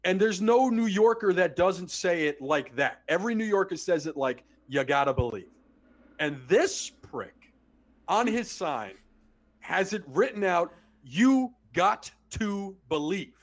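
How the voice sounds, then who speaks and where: A man co-hosting a casual sports podcast and ranting in an animated, profane way. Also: high voice, unhurried. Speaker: podcast co-host.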